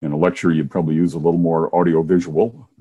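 An older man speaks in a very low, husky voice, mellow and unhurried. He is a minister and former science teacher who tells his story casually and laughs often. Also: flat delivery, lo-fi sound. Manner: warm anecdotal storytelling with chuckles. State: hard of hearing, wears hearing aids.

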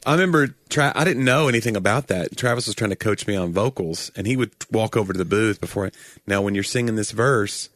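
A man's voice: fairly low pitch, fast talker, hardly any pauses, dry recording. A man co-hosting a podcast in casual chat, telling stories and acting out the people he quotes, on a close studio microphone. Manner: animated storyteller who acts out quoted voices. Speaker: podcast co-host.

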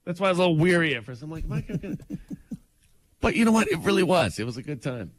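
Lively, teasing male radio co-host. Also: fairly high pitch, brisk, no room sound. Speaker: radio morning show co-host. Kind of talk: casual chat.

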